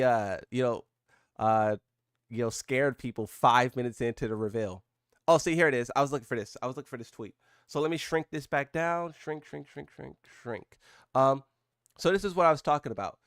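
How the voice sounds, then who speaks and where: A man's voice: mid-range voice, a bit bright, no echo, studio quality. A man hosting a live stream, chatting casually and rambling with his viewers. His voice jumps up when he is surprised.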